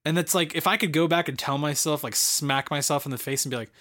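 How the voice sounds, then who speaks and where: A man's voice: a little high, fast, pushed and bright. A man in his late twenties co-hosting a podcast, chatting casually about a movie in a rambling, enthusiastic way with lots of fillers. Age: late 20s. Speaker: podcast co-host. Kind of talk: casual film review chat.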